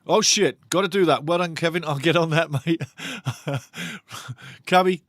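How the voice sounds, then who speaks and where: A man hosting a live football watch-along, commenting on play with excitable, sweary banter aimed at his chat. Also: fairly high pitch, unhurried, dry recording, studio quality.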